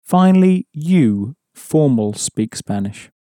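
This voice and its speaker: A man's voice: mid-range voice, very animated, takes it slowly, warm tone, dry recording, clean studio sound. A man teaching an audio language lesson, patiently explaining rules and prompting the listener.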